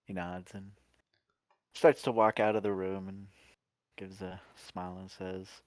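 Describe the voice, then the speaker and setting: Man player, relaxed narration, low pitch, dry sound. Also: unhurried, long pauses, no room sound. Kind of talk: narrating his character's actions in a tabletop game.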